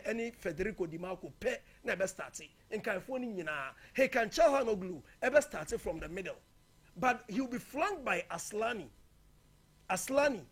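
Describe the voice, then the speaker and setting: High, husky-voiced football pundit. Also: male voice. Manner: emphatic, mixing in local-language phrases. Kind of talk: casual football match preview.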